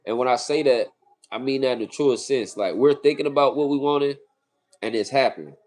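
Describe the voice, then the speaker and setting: A man's voice: medium pitch, a little fast, a little mellow. Man from cali chatting on a livestream, earnest, keeps restarting and repeating himself, mid voice. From California. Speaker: livestream co-host. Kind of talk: casual livestream chat.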